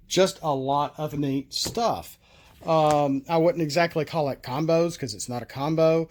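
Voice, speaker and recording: A man casually thinking aloud about homemade card game rules, halting and restarting often, with many fillers. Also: fairly high pitch, a little mellow. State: recovering from a coughing fit. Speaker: solo card game tester and vlogger. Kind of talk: casual rambling talk to camera.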